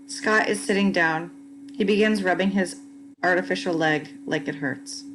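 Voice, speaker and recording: A woman reading audio description of stage directions in a plain, even way. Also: lowish voice, moderate pace, noisy background. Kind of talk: scripted narration of stage directions.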